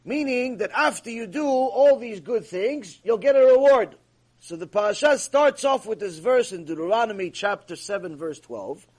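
A man teaching a Torah class, telling stories in an animated way and acting out the people in them. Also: high voice, normal speed, breathy edge. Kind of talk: Torah lecture with storytelling.

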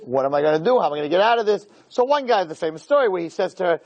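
A man's voice: high-pitched, animated, very fast, muffled recording. A man giving a humorous sermon as a rabbi, telling a story with acted-out dialogue and speaking directly to his listeners. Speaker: rabbi teaching a class.

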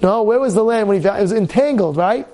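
A man's voice: high-pitched, lively intonation, fast, warm tone. A man giving a rabbi's class on the weekly Torah portion, asking rhetorical questions and repeating words as he builds his points. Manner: acts out students' complaints in a raised voice.

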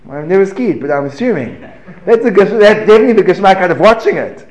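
A man giving a lively Torah class, asking rhetorical questions, breaking off mid-phrase and chuckling as he teaches. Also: high voice, fast talker. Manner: animated, rhetorical questions, self-interrupting and chuckling. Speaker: religious teacher. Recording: echoey room.

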